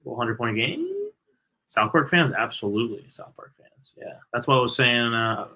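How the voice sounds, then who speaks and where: Bright-voiced man breaking down stats. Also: mid-range voice, expressive, moderate pace, low-quality recording. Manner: reads out player stats, analytical. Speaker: co-host of a sports watch party. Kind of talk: casual live sports chat.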